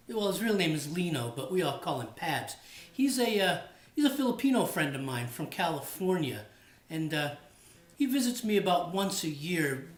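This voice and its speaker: A man's voice: on the high side, fairly bright tone. A man hosting his own cooking channel, chatty and friendly, talking while he cooks in a home kitchen. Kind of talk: casual cooking vlog. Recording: echoey room.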